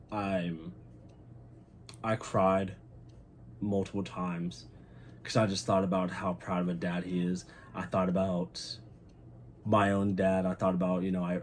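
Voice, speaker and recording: A young channel host with a very low voice recaps a TV episode in a loose, excited vlog style, swearing freely and at times turning heartfelt. A faint hiss sits beneath his voice.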